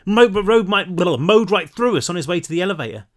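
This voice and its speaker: A man voicing a gruff, scarred soldier in a storybook reading, halting and apologetic. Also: sits high, animated, pitched above the performer's own voice. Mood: remorseful.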